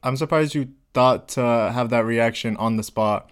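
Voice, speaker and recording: A woman with a smooth, clear voice, co-hosting a casual podcast. She breaks in with quick, blunt remarks that back up her friend, with plenty of swearing. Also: a bass voice. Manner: blunt, supportive, swears, cuts in with short remarks. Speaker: podcast co-host. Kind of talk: casual chat.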